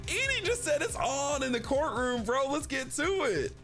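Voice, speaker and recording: A man's voice: extremely high pitch, very animated, moderate pace, fairly bright tone. Casual male streamer, laid-back, music bed. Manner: laid-back, says 'bro' a lot. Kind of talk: casual game commentary. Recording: game music behind. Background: game music.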